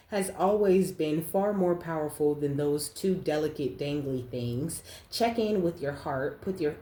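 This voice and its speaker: A woman's voice: low-pitched, warm tone, slight background noise. A woman giving a casual spiritual card reading, blunt and profane, often laughing and ending lines with "okay?". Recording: roomy echo.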